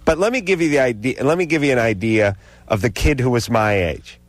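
A man on a talk radio show spins a sarcastic, ranting comic story into a studio microphone. His voice sits at an ordinary middle pitch, and the sound is dry and close with no room around it. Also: brisk, dry recording. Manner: sarcastic, ranting, animated delivery.

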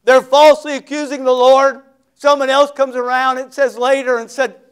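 High-voiced preacher telling stories dramatically. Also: male voice, little pitch movement, moderate pace, clear, resonant tone. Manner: dramatic storytelling, acting out scenes; conversational, folksy asides. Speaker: pastor. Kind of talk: sermon.

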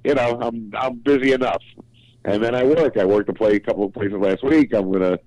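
An older man calling in, chatting in a jolly, self-mocking way with quick asides. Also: mid-range voice, a little mellow, rough recording. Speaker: caller, working comedian. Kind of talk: casual phone chat.

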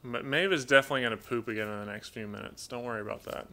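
In a loose, rambling live Q&A from his home, a raspy-voiced man reads out chat messages and talks to his pet birds. His medium-pitched voice races along, bright and forceful.

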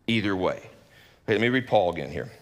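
A man, a lead pastor, giving a conversational sermon in an animated, folksy way with joking asides. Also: on the low side, fast talker, big-room sound.

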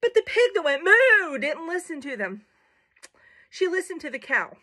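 A woman's voice: high voice, very animated, measured pace, sharp tone. A young woman reading a children's picture book aloud at home, playful, with chatty asides to her viewers. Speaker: storybook reader for children.

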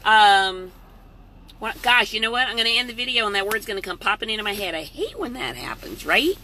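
A woman's voice: medium pitch, big pitch swings, fairly quick, bright, forceful tone, slight background noise. A middle-aged woman hosting a casual live-stream from her parked truck, chatty and motivational. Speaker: vlog host. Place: parked truck at a rest area.

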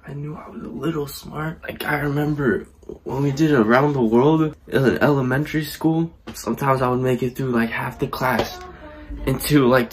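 A young man vlogging to his viewers in a casual, rambling, self-deprecating way, halting often and restarting his sentences. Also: medium pitch. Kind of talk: casual talk to camera.

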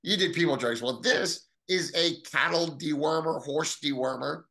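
A middle-aged man telling his own story in an interview, animated, acting out what others said to him. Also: normal speed, gravelly. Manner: animated, acts out quoted voices with big pitch jumps.

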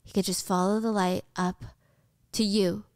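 A young woman casually recapping a film as the host, acting out the characters' lines with lively delivery. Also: medium pitch, moderate pace, clear, resonant tone, dry recording, clean studio sound. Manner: animated storytelling, acts out characters' lines.

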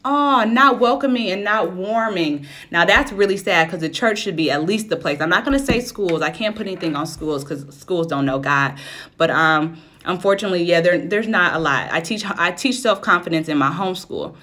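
A woman's voice: on the low side, normal speed, pushed and bright. A woman in her thirties hosting a live stream as a self-love coach, preaching, encouraging and greeting viewers by name. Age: 30s.

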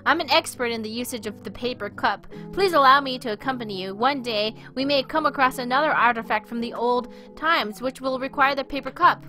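A woman's voice: high-pitched, a little fast, hardly any pauses, sharp tone, faint music behind. Woman voicing an eager, pompous game companion.

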